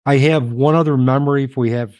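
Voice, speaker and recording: A middle-aged man telling personal stories as an interview guest, reflective and halting, emotional at times. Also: medium pitch, steady tone, a little mellow, no echo.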